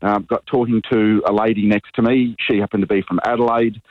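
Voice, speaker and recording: Low-voiced man telling a story by phone. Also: little pitch movement, a little fast, no echo. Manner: hesitant, many ums. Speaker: caller. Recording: dull phone line.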